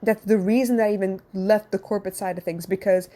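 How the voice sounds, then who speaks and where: A woman hosts her own advice talk, speaking bluntly and directly to her listeners as a counselor would. Her voice has a warm, mellow tone at a middling pitch. She talks in a casual, conversational way and drops the odd curse word. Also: fairly even intonation, fast. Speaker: podcast host and counselor.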